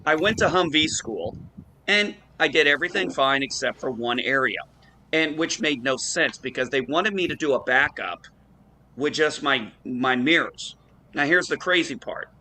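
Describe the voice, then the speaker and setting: A man on a casual online talk show, telling lively anecdotes, acting out the people he quotes and swearing freely. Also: a little high, normal speed. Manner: animated anecdote teller, acts out quoted voices, swears casually. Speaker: show co-host. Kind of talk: casual storytelling chat.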